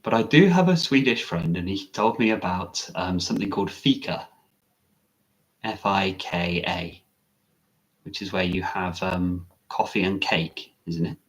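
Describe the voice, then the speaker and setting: A meditation teacher with a low voice speaks a little slowly on a live stream, chatting casually, musing and correcting himself as he answers viewer comments.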